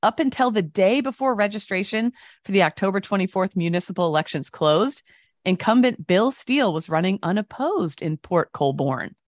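A woman co-host tells stories in a loose, chatty way, slipping into voices for the people she quotes. Her pitch sits in the middle range and the sound is dry and close, with no room around it. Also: normal speed, no room sound. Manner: animated storytelling with voiced quotes. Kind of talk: casual chat, reading news stories.

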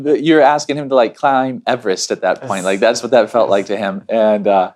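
A man in ministry telling a story in casual talk, animated and full of restarts. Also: normal speed, few pauses. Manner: animated, many restarts, acts out quotes in a higher voice.

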